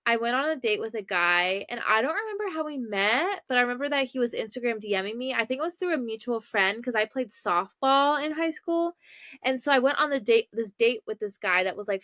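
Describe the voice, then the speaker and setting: A woman's voice: a little high, pushed and bright, dry recording, clean studio sound. A young woman from Maryland, hosting a podcast and telling a story in a chatty, self-mocking way with lots of asides. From Maryland, USA. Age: young adult. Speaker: podcast host. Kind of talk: casual storytelling.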